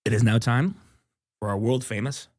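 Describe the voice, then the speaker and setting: A man's voice: mid-range voice, moderate pace. A man hosting a comedy podcast, chatting in a goofy way and laughing often. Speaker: podcast host. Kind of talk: casual comedy podcast chat.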